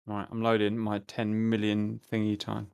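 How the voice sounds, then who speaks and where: A man's voice: on the low side, completely flat delivery, moderate pace, vocal fry, darkish tone, clean tone. Exasperated swearing man in game chat. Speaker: fellow player. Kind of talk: casual gaming chat.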